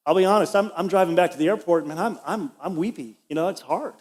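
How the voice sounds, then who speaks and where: A middle-aged pastor talks quickly with hardly any pauses, his voice high-pitched, as he preaches in a church auditorium. His sermon is conversational, weaving a personal story and remarks to the congregation.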